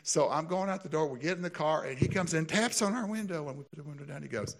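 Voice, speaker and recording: A man preaching a sermon, telling stories with lively, animated delivery that climbs to excited peaks. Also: fast talker, creaky. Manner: animated storytelling, builds to high excited peaks, laughs often. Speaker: pastor.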